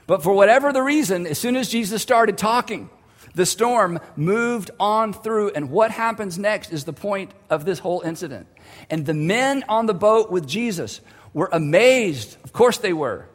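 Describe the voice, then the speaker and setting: A man preaching a vivid, conversational sermon with dramatic pauses, retelling a story for his congregation. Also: high voice. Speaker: pastor. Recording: long hall reverb.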